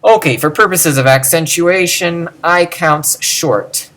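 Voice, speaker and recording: A man's voice: on the high side, takes it slowly, a bit bright. A man teaching a casual lecture, chatty and self-correcting, often chuckling at himself. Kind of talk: lecture on Greek accents.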